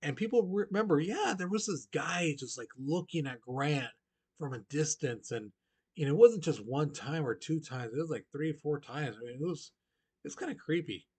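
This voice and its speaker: Chatty male history teacher, slightly high. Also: lively intonation, normal speed, breathy edge. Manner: casual, chatty, many fillers like "you know"; asks the students direct questions. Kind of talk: recorded online lesson.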